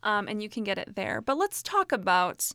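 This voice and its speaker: A woman's voice: mid-range voice, very animated, moderate pace, pushed and bright, dry recording. Woman, thirties, casual advice talk, chatty with lots of ums, dry close-miked sound. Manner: chatty, many fillers and restarts, frequent laughs.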